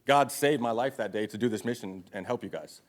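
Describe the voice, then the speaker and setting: Man, 30s, motivational speaker, fast talker, blunt, profane, confessional, live speech. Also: fairly low pitch. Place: event stage before an audience.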